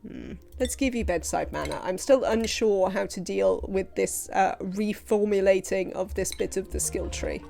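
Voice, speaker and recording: A woman's voice: mid-range voice, moderate pace, creaky, few pauses, dark tone, soft background music. Chatty woman streaming a game. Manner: rambling, chatty, frequent fillers. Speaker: livestreamer. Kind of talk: casual live gameplay commentary.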